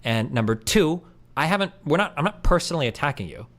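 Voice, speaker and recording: A man's voice: on the high side, sing-song, quick pace, a bit bright. A man in a heated debate, blunt and sarcastic, swearing and cutting in. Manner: blunt, sarcastic, profane, interrupting. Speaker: debate streamer.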